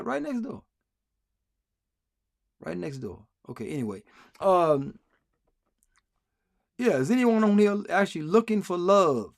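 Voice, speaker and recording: A man's voice: high-pitched, gravelly. A man hosting a live stream, rambling through sarcastic commentary and answering comments from the chat. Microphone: streaming mic.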